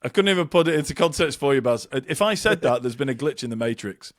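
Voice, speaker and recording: A man in casual podcast chat who rambles through stories and pokes fun at himself, with plenty of ums and restarts. His voice sits at an everyday middle pitch. The recording is dry and close. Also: lively intonation, fast, no echo. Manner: rambling, self-mocking, lots of ums. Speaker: podcast co-host.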